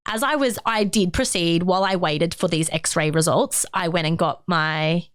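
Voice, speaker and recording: A young woman on a podcast, telling a personal story in a lively way. She swears freely and acts out what other people said. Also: on the low side, moderate pace, smooth, no echo, studio quality. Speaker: podcast co-host. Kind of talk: casual chat, personal storytelling.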